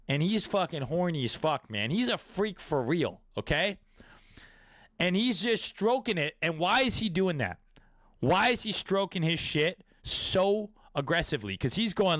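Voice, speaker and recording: Male crypto host, raised pitch, dry close sound, crude riffing delivery. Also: very animated, a little slow, a bit bright, dry recording. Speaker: crypto trading commentator. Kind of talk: casual market commentary.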